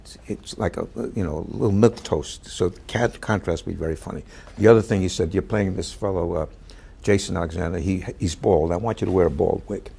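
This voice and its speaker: An older man, an actor, telling a story about a past role in a halting way, full of fillers and restarts, now and then shouting out the lines he quotes. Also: low voice, creaky, husky. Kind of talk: anecdotal storytelling.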